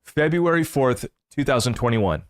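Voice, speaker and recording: A man hosts a casual crypto commentary stream, his pitch sitting in a middling range. He rambles with excitement and jumps between asides. The recording is dry and close, with no room echo. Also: normal speed. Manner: excitable, rambling, laughs at the news. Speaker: crypto channel host.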